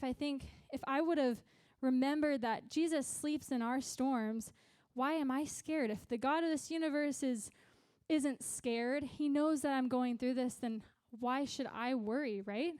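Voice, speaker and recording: A young adult woman giving a youth sermon, chatty and animated, with lots of "like" and "right?" tag questions. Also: high-pitched, a little slow, no echo. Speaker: youth pastor.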